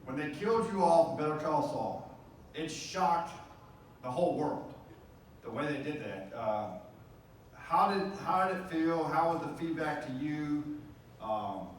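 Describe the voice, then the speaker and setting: A man's voice: a little high, expressive, a little slow. A man in the audience at a convention panel, asking a question hesitantly, with many fillers. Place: large convention hall. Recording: echoey hall, distant mic, faint noise.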